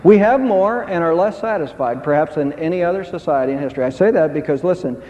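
A man's voice: on the high side, lively intonation, fast, a little mellow. A man preaching a sermon as pastor, emphatic, with his voice rising on key phrases. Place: church sanctuary. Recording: dull sound with long hall reverb.

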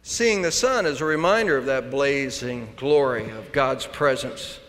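A man preaching a sermon, swinging between hushed, quiet passages and loud, emphatic declarations. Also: mid-range voice, a little slow. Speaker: pastor. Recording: long hall reverb.

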